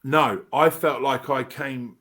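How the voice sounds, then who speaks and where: An English man from Essex, an actor guest in an interview, telling animated stories with lots of restarts and fillers. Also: mid-range voice, slow. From Essex, England. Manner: energetic, rambling, many restarts and fillers.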